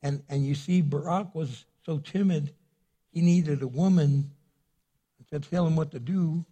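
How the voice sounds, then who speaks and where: A husky man preaching a sermon with a slightly raised pitch. He tells the story casually, stumbling and restarting as he goes. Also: a little slow, mellow. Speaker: pastor.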